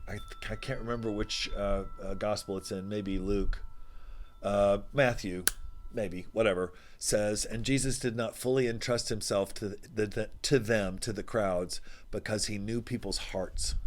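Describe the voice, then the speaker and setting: A man preaching a casual, conversational sermon, musing aloud and acting out the voices of the figures he quotes. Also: lowish voice. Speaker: pastor.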